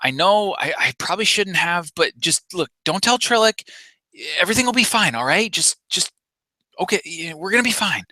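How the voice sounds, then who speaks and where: A man's voice: mid-range voice, expressive, moderate pace, bright, forceful tone, no echo, pitched above the performer's own voice. A man voicing a nervous, shifty male Rhodian worker who stammers and pleads. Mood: panicked.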